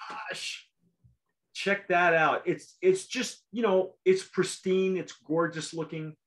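A man with a fairly high speaking voice hosts a casual tasting chat. He rambles and stops to restart his sentences as he goes. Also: steady tone, fairly bright tone. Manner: rambling, halting, full of restarts. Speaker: show host.

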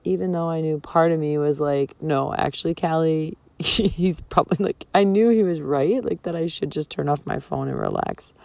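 A woman's voice: low-pitched, moderate pace, gravelly, a little mellow, no echo. A young woman vlogger telling a personal story candidly, emotional and swearing freely, with lots of fillers. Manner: frank, emotional, swears a lot, filler-heavy.

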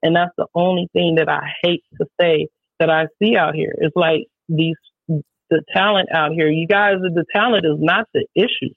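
A woman who works as a show promoter, telling stories in a casual podcast chat, animated, emphatic and heavy on swearing. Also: low-pitched, normal speed, vocal fry, husky, dry recording. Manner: profane, animated, emphatic storytelling. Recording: dry, tinny phone-like sound.

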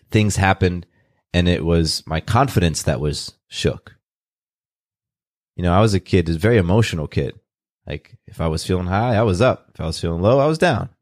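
Deep-voiced man, earnest and reflective. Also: darkish tone, no echo, studio quality. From California, USA. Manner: open, earnest, unhurried with restarts. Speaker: guest. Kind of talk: reflective personal storytelling.

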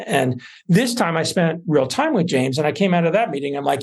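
Gravelly, husky-voiced man telling stories. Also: a little high, a little fast. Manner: relaxed storytelling with fillers and restarts. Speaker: guest, venture investor. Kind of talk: casual interview talk.

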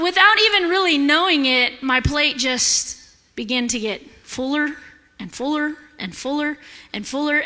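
A woman giving a sermon in a church, candid and animated, laughing often as she talks. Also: high voice. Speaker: guest preacher. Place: church sanctuary. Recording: echoey hall.

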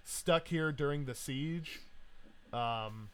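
A man narrating a tabletop game as game master, in a casual, lively way full of fillers. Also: fairly high pitch, slow, smooth.

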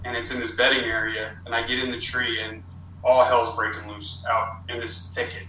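As a podcast guest, a man tells a long, meandering hunting story in a casual way. His mid-range voice is level, pushed and bright at a moderate pace, and the recording is roomy and distant, with faint ambience and a little hiss or hum.

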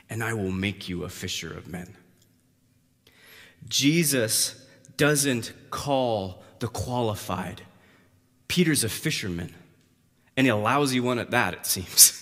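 A male pastor preaching a conversational sermon that rises to emphatic, loud passages. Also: medium pitch. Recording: long hall reverb.

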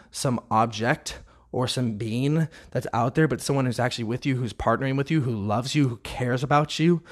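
A man's voice: medium pitch, darkish tone. A man telling an earnest, confessional faith testimony, often restarting his sentences.

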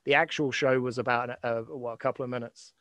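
A man's voice: medium pitch, fairly even intonation, fairly quick, fairly bright tone, no room sound. Rambling man hosting a casual chat. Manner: rambling, many fillers and restarts. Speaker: host.

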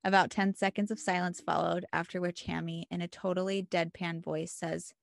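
A young mother co-hosting a chatty podcast, laughing as she swaps stories about her kids. Her voice sits low with a gravelly fry, recorded close and dry. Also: level tone, moderate pace, no echo. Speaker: podcast co-host. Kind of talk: casual chat.

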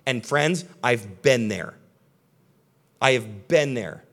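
A man's voice: mid-range voice, animated, slow pace, a bit bright. A young man preaching a sermon to a live audience in a conversational, emphatic way, speaking directly to his listeners. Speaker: pastor. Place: church hall with a live audience.

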